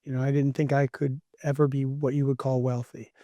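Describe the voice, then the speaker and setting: A man's voice: medium pitch, little pitch movement, brisk, mellow, dry recording. A middle-aged man, a podcast guest, talking earnestly and emphatically like a motivational speaker. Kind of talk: casual interview talk.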